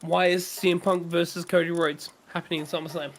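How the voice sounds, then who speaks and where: A man's voice: fairly high pitch, little pitch movement, a little fast, a little hiss or hum. A man chatting on a gaming stream, ranting with strong opinions and frequent swearing. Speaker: streamer co-host. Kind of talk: casual chat during a gaming stream.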